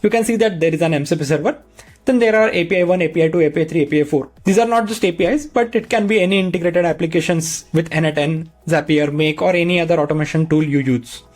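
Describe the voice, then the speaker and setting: A man presenting a screen-recorded software tutorial, explaining each step in a plain, patient way into a desk microphone. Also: a little high, fast, soft background music.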